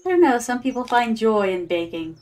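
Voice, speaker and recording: With big pitch swings and a fairly quick, darkish voice on the high side, a woman VTuber chats through a farming game. She calls her audience "my darlings" and uses Japanese words. Slight background noise is present.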